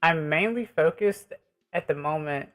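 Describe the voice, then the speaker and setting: A man's voice: a little high, measured pace, a bit bright, soft background music. A man streaming a game, chatting with his viewers in an easygoing, rambling way. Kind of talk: casual live-stream chat while gaming.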